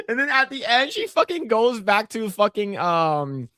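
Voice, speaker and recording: Podcast co-host, male, casual and profane, animated pitch, dry close mic. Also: takes it slowly, pauses often, no room sound. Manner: profane, laughing, acts out scenes in high voices. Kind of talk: casual chat.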